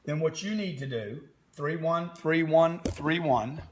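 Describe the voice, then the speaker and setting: A business coach in his fifties hosts a nightly motivational livestream, speaking in a brash, direct, salesy manner. His voice is on the high side with a measured pace, and a little hiss or hum is audible.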